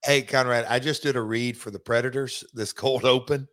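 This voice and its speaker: A man's voice: mid-range voice, steady tone, a bit bright. Man, middle-aged, podcast host, casual, stop-start delivery. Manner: halting, many restarts and fillers. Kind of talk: casual chat.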